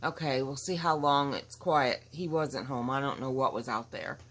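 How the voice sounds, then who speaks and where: A woman's voice: a bass voice, moderate pace, a bit bright. A woman vlogging at home in casual chat, talking in an emphatic, rambling and outspoken way. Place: at home with dogs nearby.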